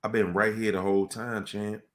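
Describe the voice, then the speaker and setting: A man's voice: fairly low pitch, little pitch movement, normal speed, pitched below the performer's own voice, lightly acted. A man voicing God as a casual, teasing older-brother figure who chides in slang. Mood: calm chiding. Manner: slangy, playful, chiding.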